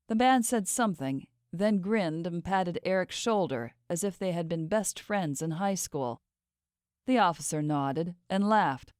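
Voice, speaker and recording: A woman reading a romance novel aloud in steady, measured audiobook narration. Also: lowish voice, no echo, clean studio sound.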